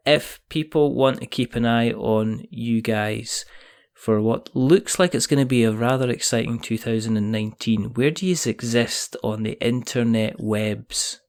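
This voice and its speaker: A man's voice: medium pitch, unhurried, darkish tone. A Scottish man hosting a casual podcast chat, jokey, rambling and self-mocking. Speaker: podcast host.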